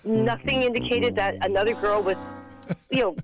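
A woman calling in to a radio show, talking in halting, tearful bursts with nervous laughs as she fights back tears. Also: fairly high pitch, faint music behind. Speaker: caller. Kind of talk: emotional call-in confession. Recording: phone line.

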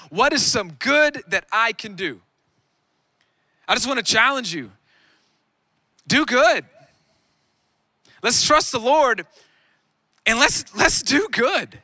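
A man in his thirties preaching a sermon on a lawn, energetic and conversational with self-deprecating humor. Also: very high voice, no room sound. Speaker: pastor. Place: outdoor lawn gathering.

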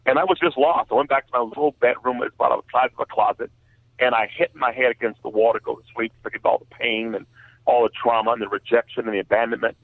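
A man giving an earnest personal testimony as a radio interview guest, halting at times and using many fillers. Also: medium pitch, steady tone, dry recording. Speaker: guest author. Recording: tinny phone line.

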